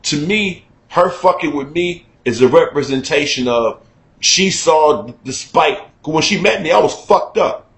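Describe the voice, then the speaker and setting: A middle-aged man giving a candid, profane talk-show monologue, emphatic and conversational, getting loud when he is worked up. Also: a little high, animated, measured pace, echoey room, rough recording. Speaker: radio talk show host.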